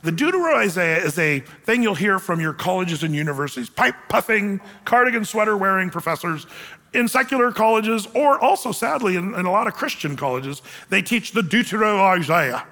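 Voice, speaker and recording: Bright-voiced preacher in a reverberant hall. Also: male voice, sits high, fairly quick. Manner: conversational, animated preaching with casual asides. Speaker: pastor. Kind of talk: sermon. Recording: long reverb of a large hall.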